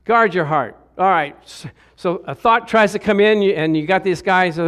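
A middle-aged male pastor preaching a lively sermon, acting out quotes in different voices and laughing along the way. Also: high voice, normal speed.

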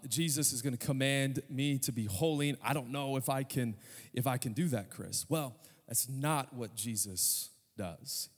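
Man preaching in a reverberant church. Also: mid-range voice. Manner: conversational preaching with humor, swinging from quiet to fervent. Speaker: pastor. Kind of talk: sermon. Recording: church hall with long reverb.

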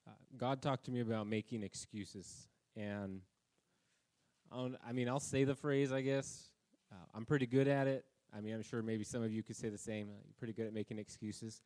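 A man's voice: on the low side, flat delivery, moderate pace, a little mellow. A man preaching a conversational sermon at a church service, telling anecdotes about himself. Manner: casual, self-deprecating, anecdotal. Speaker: pastor.

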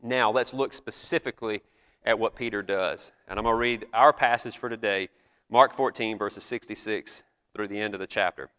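A man's voice: on the low side, moderate pace, fairly bright tone, in a large hall. A man preaching a sermon, reading scripture aloud and then explaining it in a conversational way with everyday examples. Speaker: pastor.

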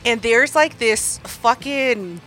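Woman, podcast co-host: loose, swearing storyteller, quick to laugh, faint music underneath. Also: a little high. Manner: profane, animated, laughs often. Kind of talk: casual storytelling chat.

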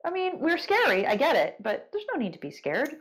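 A woman's voice: high voice, wildly swooping pitch, brisk, poor audio. A woman hosting a casual podcast interview over a call, teasing her guest and reading questions from the chat. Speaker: podcast host.

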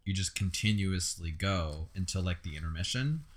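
A man hosting a podcast, asking easygoing questions in a relaxed casual chat. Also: sits low, normal speed. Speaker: podcast host.

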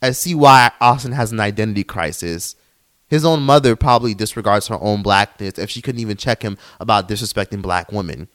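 A man hosting a commentary channel, delivering an angry, profane reaction rant that flares into yelling and mocks the people he quotes. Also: on the low side, fairly quick. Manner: heated, profane, swings into yelling; mocks others in quoted put-on voices.

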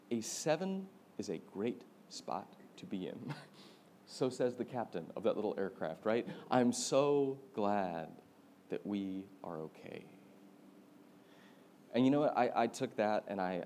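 A young man preaching, his voice mellow and relaxed. He tells a story in an animated way and laughs often. A faint hum of room noise sits under the recording. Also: fairly low pitch, moderate pace. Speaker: pastor. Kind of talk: sermon.

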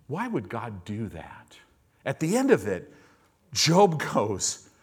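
A man preaching a sermon in a church, moving between loud, emphatic lines and hushed, low-voiced ones. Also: wildly swooping pitch, takes it slowly, breathy edge. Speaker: pastor.

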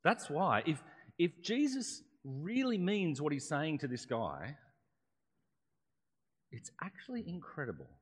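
A man's voice: fairly high pitch, big pitch swings, a little slow, long pauses, husky. A man preaching a sermon in a conversational way, often checking in with rhetorical questions. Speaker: pastor. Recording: long hall reverb.

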